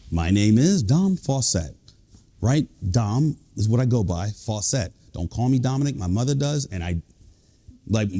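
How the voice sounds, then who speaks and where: A man, an executive coach and leadership speaker, giving a lively, joking talk to a live audience. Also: mid-range voice. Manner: lively, joking, animated delivery.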